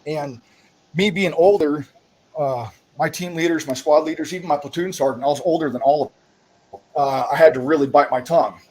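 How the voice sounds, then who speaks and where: A man, a military veteran and podcast co-host, telling army stories in casual chat, swearing constantly and loudly mimicking officers. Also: a little high, brisk, breathy edge, poor audio. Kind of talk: casual profane storytelling.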